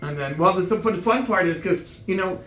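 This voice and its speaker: A man telling comic stories in meandering, halting chat full of restarts. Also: high-pitched, fairly bright tone, roomy sound. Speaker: comedian. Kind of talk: rambling comedic chat.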